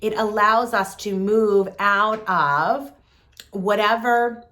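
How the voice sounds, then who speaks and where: A woman hosting a reflective talk on compassion, speaking softly and deliberately with gentle pauses. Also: medium pitch. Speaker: host.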